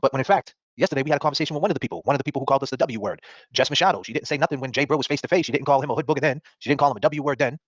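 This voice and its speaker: A man's voice: medium pitch, rapid-fire, no room sound, dull audio. A man hosting a podcast, ranting at critics in a combative, profane, mocking way. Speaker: podcast host. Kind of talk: ranting talk-show monologue.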